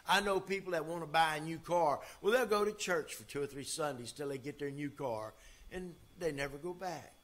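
A man preaching a sermon as pastor, folksy and emphatic, swinging from loud to quiet. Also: fairly high pitch, moderate pace.

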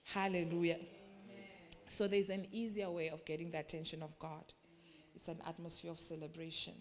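A woman preaching, her delivery animated and theatrical. She drops to near-quiet asides, then rises to loud, emphatic lines, and often mimics the people she is talking about. Her voice carries a long reverb from a large church hall. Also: lowish voice, moderate pace. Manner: animated, swings from quiet to loud, acts out congregants. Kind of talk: sermon.

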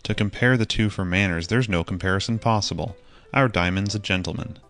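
A man's voice: low-pitched, a little fast, a bit bright, soft background music. A man reading an audiobook voices a humble working cab driver who speaks plainly and respectfully. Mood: earnest.

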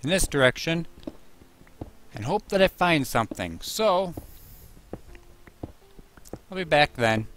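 A man's voice: a little high, animated, slow pace, long pauses, fairly bright tone, a little hiss or hum. A man casually commenting on his own gameplay, chatting to himself and yelping at monsters.

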